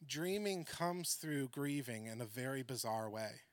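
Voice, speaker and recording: A man preaching a sermon through a personal story, animated and laughing often, swinging between excited outbursts and hushed reflection. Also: medium pitch, a little slow, no room sound.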